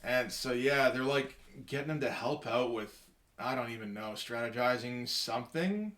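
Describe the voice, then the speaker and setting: A man casually talking through a comic book page by page in a halting, rambling way, with wry asides. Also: medium pitch, fairly bright tone.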